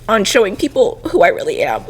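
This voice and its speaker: A woman's voice: fairly high pitch, lively intonation, fast talker, a little hiss or hum. A young woman co-hosting a podcast, talking openly and emotionally while crying and laughing through tears. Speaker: podcast co-host. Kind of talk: casual heartfelt chat.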